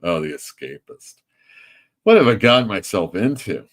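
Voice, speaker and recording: A man hosting a comic shop show, rambling casually between topics. His voice sits fairly low. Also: huge pitch swings, moderate pace. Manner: loose, rambling. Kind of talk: casual chat.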